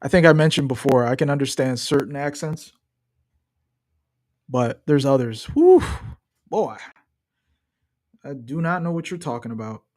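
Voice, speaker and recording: A young man with a medium-pitched voice, speaking at normal speed, streams his reactions to a football match. His live commentary is loose and jokey, with plenty of trash talk.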